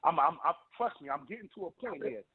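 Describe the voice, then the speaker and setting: A man's voice: on the high side, animated, fast, husky. A man co-hosting a call-in talk, pressing a caller with pointed questions and repeating himself. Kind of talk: casual panel chat. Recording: tinny phone line.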